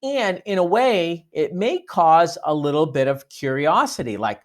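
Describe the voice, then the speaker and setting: A man's voice: fairly high pitch, lively intonation, a little slow. A man giving a sales training talk, coaching listeners and acting out sample phone greetings. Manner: coaching, demonstrates phone lines.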